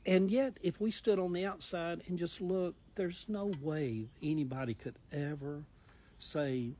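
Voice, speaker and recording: A man's voice: fairly high pitch, unhurried, mellow, a little hiss or hum, low-quality recording. A man with a Southern US accent, a political campaigner talking earnestly in a rambling, folksy monologue. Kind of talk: casual monologue.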